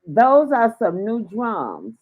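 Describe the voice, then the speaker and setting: A woman's voice: a little high, huge pitch swings, takes it slowly, narrow, tinny audio. A woman radio host in a casual interview, answering her guest with short affirming replies.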